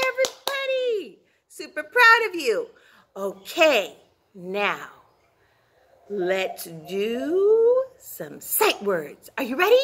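A woman's voice: very high voice, sing-song, slow pace, heavy background noise. A woman teaching a phonics lesson to young children, cheery and encouraging, drawing out each sound.

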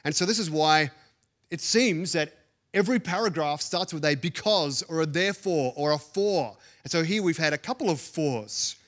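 A man's voice: a little high, moderate pace, a bit bright. A man with an Australian accent, a pastor preaching a sermon to a congregation in a church, earnest and building emphasis through repeated phrases.

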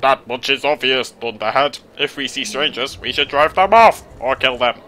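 A British man voicing a scornful, gruff male elder monster in a game, with a sneering, blustery put-on delivery. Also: mid-range voice, lively intonation, moderate pace, sharp tone, a little hiss or hum.

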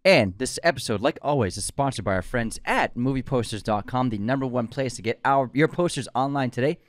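A man's voice: mid-range voice, animated, brisk, no room sound. A man co-hosting a casual movie podcast, joking, laughing easily and reading a sponsor spot with energy. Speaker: podcast co-host.

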